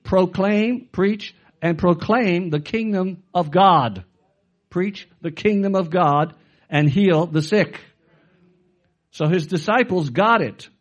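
A man's voice: high-pitched, takes it slowly, lo-fi sound. A middle-aged male pastor preaching a sermon with emphasis, quoting scripture and putting questions to his listeners.

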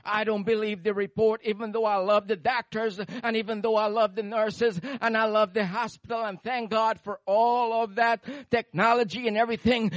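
A man preaching in a high voice, captured dry and close with no room sound. He holds a microphone and swings between loud, fervent praise and quiet, hushed storytelling in a church sermon. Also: normal speed, few pauses, no echo. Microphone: handheld microphone.

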